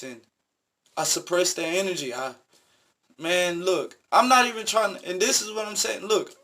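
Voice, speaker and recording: A man's voice: sits high, a bit bright. A man vlogging, telling a personal story in an earnest, emphatic, repetitive way. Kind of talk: casual storytelling monologue.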